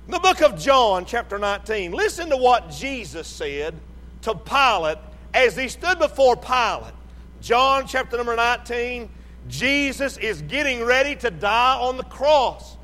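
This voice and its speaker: Slow, high-voiced preacher in a reverberant hall. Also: male voice, very animated. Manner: slow, emphatic preaching that rises to shouts and drops low. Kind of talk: sermon.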